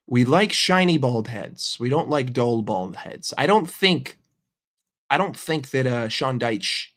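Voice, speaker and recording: A man's voice: medium pitch, fairly bright tone. An American man in a heated, profane live-stream rant about football, sarcastic and fired up. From United States.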